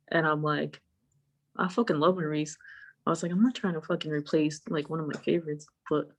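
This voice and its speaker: Animated, foul-mouthed young woman telling a story. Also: low-pitched. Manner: animated, swears often, acts out her own past lines. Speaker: guest. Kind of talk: casual storytelling chat. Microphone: online voice call.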